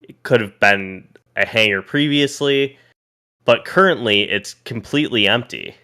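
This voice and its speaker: Bright, clear-voiced man running a game. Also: mid-range voice. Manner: restarts and pauses while describing scenes. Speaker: game master. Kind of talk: narrating a tabletop game.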